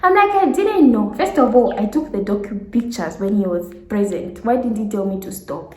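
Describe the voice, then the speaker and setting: A woman's voice: mid-range voice, very animated, normal speed, darkish tone. A young woman in her twenties tells a storytime vlog with lots of animation. She acts out the people in her story and laughs often. Her voice rings in a roomy, echoey space. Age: 20s. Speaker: vlogger.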